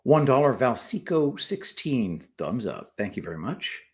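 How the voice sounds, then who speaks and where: A man co-hosting a casual livestream, reading viewer messages aloud and adding quick remarks. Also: medium pitch, very animated. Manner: reads super chats aloud with quick asides. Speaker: co-host reading donor messages.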